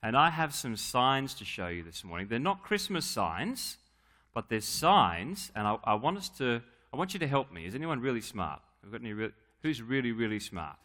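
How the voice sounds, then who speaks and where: A man's voice: mid-range voice, very animated, normal speed, bright, forceful tone. A man leading a playful, joking children's talk at a church service, coaxing kids to answer.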